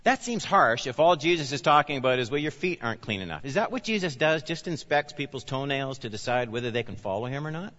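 A man pastor preaching a sermon, with animated emphasis that rises and falls as he explains scripture. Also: mid-range voice, a little fast, hardly any pauses. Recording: reverberant hall, dull lo-fi sound.

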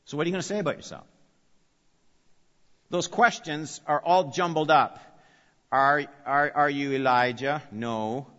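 Male preacher, slightly high and bright-toned, emphatic expository delivery, long hall reverb, muffled lo-fi audio. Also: measured pace, long pauses. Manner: emphatic, repeats key phrases, questions the audience. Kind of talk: expository sermon. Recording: long reverb, dull lo-fi sound.

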